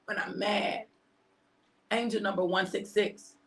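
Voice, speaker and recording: A woman in her fifties hosts a live stream, giving her viewers a casual motivational talk. Her mid-range voice is expressive and unhurried, and she pauses often, repeating and stressing points heavily, sometimes preaching and sometimes slipping into hushed asides.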